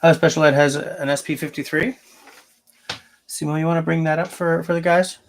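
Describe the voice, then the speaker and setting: A man's voice: fairly high pitch, fairly even intonation, brisk, a little hiss or hum. A man hosting a casual livestream, answering viewers and thinking aloud as he rambles. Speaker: livestream host.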